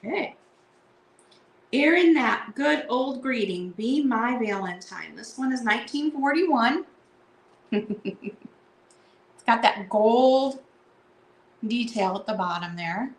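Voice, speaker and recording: Woman host, casual live-sale chatter, unhurried, playful verse reading, echoey room. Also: a little high, lively intonation. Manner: chatty, reads card verses aloud in a playful sing-song. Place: indoor room at home.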